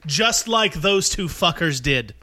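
A man with a bright, forceful voice pitched a little high, co-hosting a loose movie podcast. He talks casually and bluntly, swears freely and laughs easily. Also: lively intonation, takes it slowly. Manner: profane, opinionated, laughs often. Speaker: podcast co-host. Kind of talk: casual chat.

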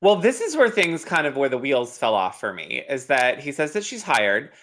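Bright-voiced woman recapping a show. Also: very deep voice, sing-song, moderate pace. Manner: knowing, explains salon licensing rules. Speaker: podcast co-host. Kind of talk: casual recap chat.

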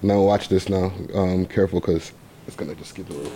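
A man's voice: low voice, fairly even intonation, brisk. A man hosting a podcast, laughing often and swearing as he chats and plugs sponsors. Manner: laughs a lot, slangy, swears. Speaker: podcast host. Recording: loud crowd chatter behind.

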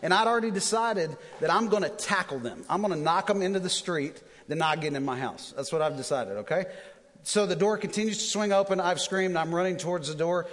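A man in his thirties preaching a sermon, telling personal stories in an animated way with self-deprecating humor. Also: high-pitched, fairly quick. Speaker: pastor. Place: church auditorium. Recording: long hall reverb.

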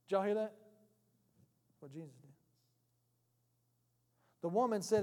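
With a voice pitched high for a man, this pastor gives an animated, joke-filled sermon, addressing the congregation like an old friend. His pace is measured and broken by long pauses, while the church hall adds a lingering reverb behind him.

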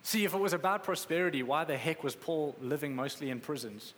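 A man's voice: fairly high pitch, a little fast, a bit bright, a little hiss or hum. A man preaching a sermon in a conversational, emphatic way, acting out quotes as he goes. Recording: echoey hall with faint ambience.

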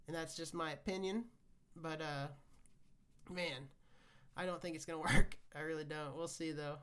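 A man's voice: high voice, a bit bright. A man holds forth alone in a loose, unscripted rant. He swears freely and trips over his own restarts. His delivery moves between worn-out sighing and sudden heated bursts. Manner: rambling, profane, frequent restarts; swings between weary sighs and heated outbursts. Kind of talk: casual rant monologue.

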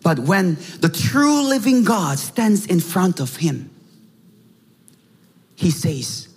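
A Korean-accented male preacher delivers a slow, dramatic sermon, dropping to hushed tones and rising to shouts. His voice is high and a little husky. It rings out in a reverberant hall over soft music. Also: expressive. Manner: dramatic retelling, acting out mockers with shouts.

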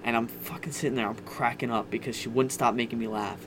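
A man's voice: medium pitch, steady tone, quick pace, creaky, a bit bright, slight background noise. A young man casually telling a candid, profane personal story on a podcast. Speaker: podcast guest.

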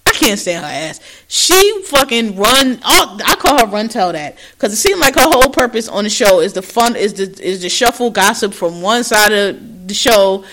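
Podcast lady gossiping loud and profane, bright sharp voice, pitch all over the place. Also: big pitch swings, moderate pace, few pauses. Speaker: podcast co-host. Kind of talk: casual recap chat.

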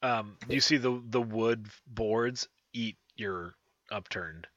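A man narrating as game master of a tabletop game, with halting, filler-filled descriptions. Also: on the low side, fairly bright tone, no room sound, muffled recording.

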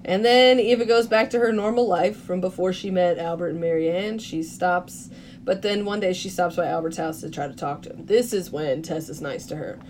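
A woman's voice: fairly low pitch, normal speed, darkish tone, a little hiss or hum. A woman co-hosting a podcast, casually recapping a film scene by scene and laughing often. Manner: retells scenes, acting out characters' lines, laughs often. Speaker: podcast co-host.

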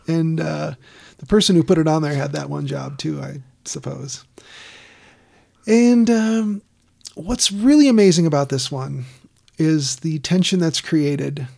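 Man, casual chat, rambling storyteller, slightly high voice, gravelly. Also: measured pace. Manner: rambling, animated storyteller with fillers. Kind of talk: casual podcast chat retelling a film.

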